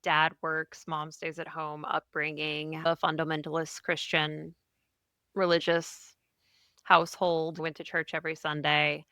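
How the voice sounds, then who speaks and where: A woman's voice: low-pitched, pushed and bright, smooth, no echo, studio quality. A woman from Ohio, a podcast guest, speaking earnestly and reflectively about her own life in long unfolding sentences. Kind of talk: candid personal interview.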